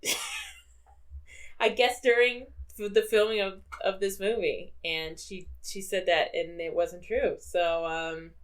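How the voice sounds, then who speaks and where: A woman's voice: medium pitch, fairly even intonation, measured pace. A woman co-hosting a podcast, chatting casually about a film with many fillers and frequent laughter. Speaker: podcast co-host.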